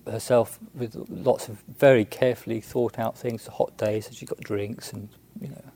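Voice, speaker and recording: A man, a Buddhist monk, telling a story in a halting, unhurried way with many restarts and fillers. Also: lowish voice, fairly even intonation, warm tone. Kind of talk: storytelling talk.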